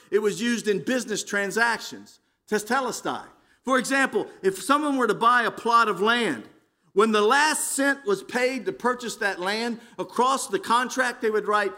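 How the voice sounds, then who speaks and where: High, bright-voiced dramatic preacher man. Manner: dramatic, swinging from loud emphasis to hushed lows. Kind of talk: dramatic sermon.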